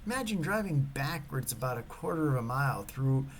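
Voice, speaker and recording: Animated, gravelly motivational speaker. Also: male voice, medium pitch, fairly quick, a little hiss or hum, low-quality recording. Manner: animated, swinging from loud to whispered. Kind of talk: motivational talk with a personal story.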